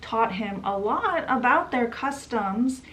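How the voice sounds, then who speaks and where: A woman's voice: a little high, animated, slow pace, fairly bright tone, slight background noise. A woman who runs a book vlog, giving a chatty, casual book summary and putting on voices for the quotes. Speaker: book vlogger.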